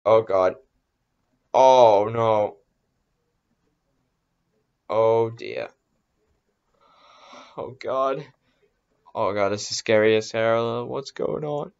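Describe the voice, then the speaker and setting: A man's voice: lowish voice, extremely slow, gravelly, pauses often, a little mellow, clean tone. A man hosting a casual reaction video, easily startled and exclaiming, talking himself into being brave. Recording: dull lo-fi recording.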